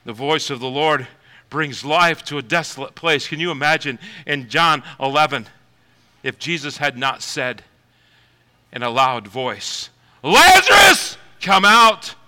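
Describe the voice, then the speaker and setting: A man preaching a sermon, moving from quiet reflection to shouted, high exclamations, with laughs between points. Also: unhurried, low-quality recording. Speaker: pastor.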